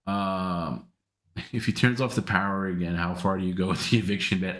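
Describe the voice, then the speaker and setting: Deep-voiced man rambling on a live stream. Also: fairly even intonation, fairly bright tone, echoey room. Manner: rambling, with many restarts and a quick laugh. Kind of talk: casual live stream chat reading viewer comments.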